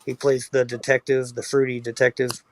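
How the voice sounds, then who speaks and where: A man's voice: mid-range voice, monotone, normal speed, no echo. Rambling man with a dry, close sound. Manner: rambling, filler-heavy storytelling. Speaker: panel guest. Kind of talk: casual chat.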